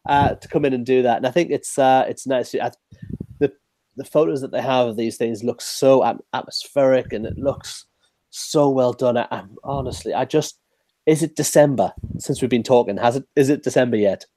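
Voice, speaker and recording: Excitable male podcast co-host, mellow tone. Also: mid-range voice, moderate pace, slight background noise. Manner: excitable, laughs often. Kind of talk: casual fan discussion.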